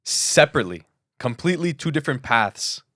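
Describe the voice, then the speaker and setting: A man's voice: medium pitch, very animated, fairly quick, pushed and bright, no room sound, clean studio sound. A young man co-hosting a podcast in casual chat, teasing and playful in his banter. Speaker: podcast co-host.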